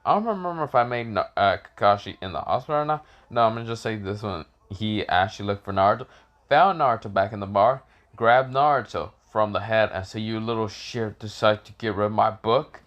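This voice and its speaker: A man speaks expressively and quickly while improvising fan fiction, rambling, swearing, and correcting himself as he goes. He gives characters high, shouted voices, and the audio sounds dull.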